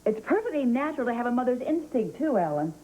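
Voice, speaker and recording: A woman's voice: on the high side, sing-song, quick pace, phone-quality sound, a little hiss or hum. An actress playing an anxious, insistent mother in a soap opera.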